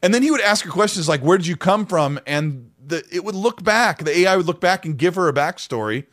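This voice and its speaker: A man co-hosting a casual podcast, telling stories in an animated, rambling way with many restarts. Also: high voice, fairly quick. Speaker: podcast co-host.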